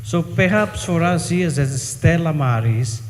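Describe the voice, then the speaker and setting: A priest, speaking earnestly from the audience at a conference. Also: male voice, on the high side, animated. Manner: earnest, deliberate. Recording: reverberant conference hall.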